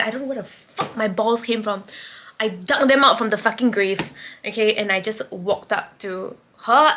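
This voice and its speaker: A woman's voice: medium pitch, sharp tone. A young woman from Singapore with a Singaporean English accent tells a rambling, breathless storytime vlog, swearing, laughing and dropping to a whisper as she relives the moment. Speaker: vlogger.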